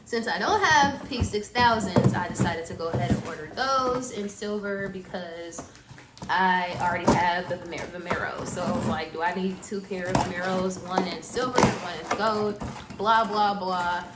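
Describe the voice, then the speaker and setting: A young woman chatting casually in her vlog, excitable and quick to squeal and gasp. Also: lowish voice, very noisy. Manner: chatty and excitable, squeals and gasps when thrilled. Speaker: vlogger.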